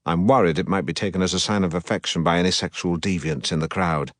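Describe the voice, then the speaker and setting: A man reading an audiobook as a pompous, self-regarding middle-aged broadcaster, in a deadpan, self-important manner. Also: deep voice, fast, no room sound, clean studio sound. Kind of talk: audiobook narration.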